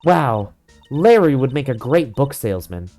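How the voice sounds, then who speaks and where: A woman's voice: extremely low pitch, big pitch swings, moderate pace, dark tone, faint music behind. A woman voicing a playful, teasing nineteen-year-old girl in a game fan dub.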